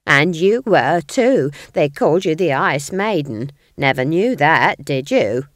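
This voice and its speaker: A woman's voice: on the low side, sing-song, slow, no echo. Woman doing a sneery old witch, swoops way up and down, dry close sound. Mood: sneering. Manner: defensive, sneering, breaks into shrieks. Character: earthy, bawdy old female witch.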